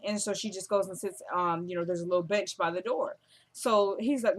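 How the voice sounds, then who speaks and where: A woman casually recapping a TV episode, chatty and slangy, briefly acting out the characters' lines. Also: mid-range voice. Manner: chatty, acts out characters' lines in quick paraphrase; slangy, fillers like "you feel me". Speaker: TV show recapper.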